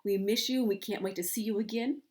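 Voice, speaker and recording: A woman who is a school counselor, reading a picture book aloud to young children and talking to them in a gentle, encouraging way. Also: medium pitch, steady tone, fast talker. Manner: gentle, encouraging teacher talk.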